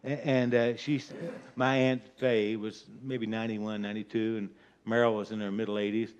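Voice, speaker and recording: A man's voice: on the low side, little pitch movement, moderate pace, a little mellow, smooth. An older man telling a folksy, rambling prank story in casual talk, chuckling as he goes, on a dull lo-fi recording. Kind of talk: casual spoken anecdote.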